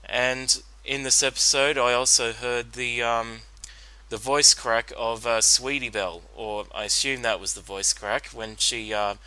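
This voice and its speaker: A man's voice: medium pitch, steady tone, a little slow, bright, forceful tone, clean tone, poor audio. A man giving a solo commentary on a cartoon episode, rambling with many fillers and restarts. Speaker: reaction commentator.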